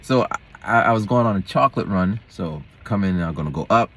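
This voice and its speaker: A man with a husky, slightly raspy voice telling a story in a casual vlog. His pitch swings widely as he rambles and hops from one thought to the next, the way a teacher chats off the clock. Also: expressive, fast talker, a bit bright. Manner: rambling, digressive, jumps between topics. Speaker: schoolteacher and vlogger.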